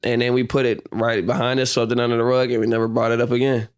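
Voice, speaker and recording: Young man, podcast guest, casual storyteller who acts out voices, mid-pitched. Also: fast, smooth. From United States. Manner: animated storyteller, acts out quotes, laughs often. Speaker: guest, professional basketball player.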